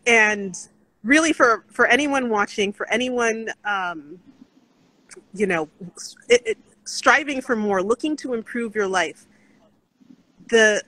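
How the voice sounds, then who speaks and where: A woman's voice: a little high, expressive, measured pace, a bit bright, poor audio. A woman co-hosting an interview podcast, talking in an earnest, encouraging way about faith and support, with many restarts. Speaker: podcast co-host. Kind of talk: casual interview chat.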